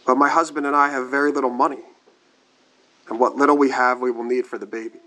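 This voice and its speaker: A man's voice: mid-range voice, little pitch movement, fast, pushed and bright, close to an everyday voice, rough recording. A man voicing an eager young mother who pleads for her child in a story told from the pulpit. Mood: pleading.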